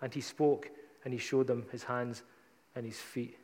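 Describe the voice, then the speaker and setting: A man's voice: medium pitch, steady tone, measured pace, darkish tone, big-room sound. A man preaching a sermon, retelling scripture in a casual, conversational storytelling way.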